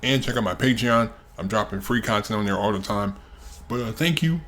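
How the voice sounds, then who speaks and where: A young American man with a fairly low voice, giving casual reaction commentary. He rambles, packing in fillers and breaking off to laugh. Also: lively intonation, a little fast, fairly bright tone, a little hiss or hum. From United States. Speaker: reaction video host.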